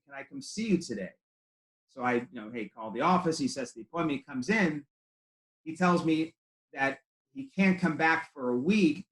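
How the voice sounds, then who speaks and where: Male practice coach, fairly high voice, chatty storyteller, roomy echo. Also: fairly bright tone. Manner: conversational storytelling with acted quotes. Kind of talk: training talk to chiropractors.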